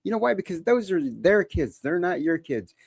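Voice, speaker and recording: A man's voice: high voice, very animated, normal speed, gravelly, darkish tone, husky, no room sound. A man hosting a live call-in show, talking in a casual, opinionated and joking way.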